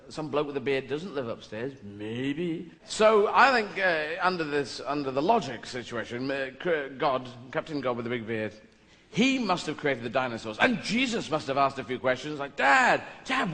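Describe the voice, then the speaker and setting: A man's voice: mid-range voice, lively intonation, moderate pace, a bit bright. A man doing a stand-up comedy routine, rambling and playful with mock-pompous asides, recorded live in a large venue. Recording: live show in a big reverberant hall, noisy.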